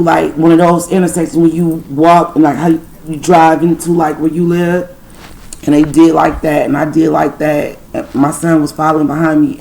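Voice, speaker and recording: Gravelly-voiced woman telling a story. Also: low voice, a little mellow, low-quality recording. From Detroit, USA. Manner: profane, rambling spiritual storytelling. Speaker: channel host. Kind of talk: storytime vlog.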